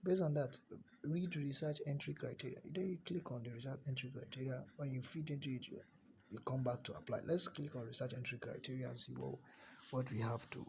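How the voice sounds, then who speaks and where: A Nigerian man shares his screen to walk viewers through a university application, acting as a scholarship application guide. His medium-pitched voice is creaky with a fairly bright tone, and he often restarts phrases and repeats key words for emphasis. There's slight background noise.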